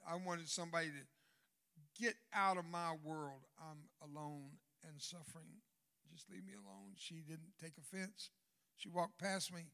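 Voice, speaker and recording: An older man with a Southern American accent preaching a storytelling sermon as a guest speaker, swinging from hushed, quiet passages to loud bursts and joking asides. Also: on the high side, fairly even intonation, normal speed, creaky. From Southern United States.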